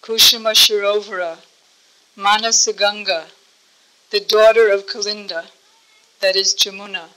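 A woman religious teacher giving a devotional storytelling talk, gentle and explanatory. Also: mid-range voice, fairly even intonation, a little slow, long pauses, poor audio.

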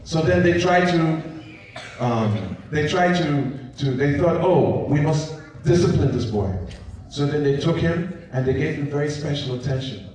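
A man's voice: on the high side, moderate pace. A man preaching, retelling a scripture story and checking in with his listeners. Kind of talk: sermon storytelling. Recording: very echoey hall, distant mic.

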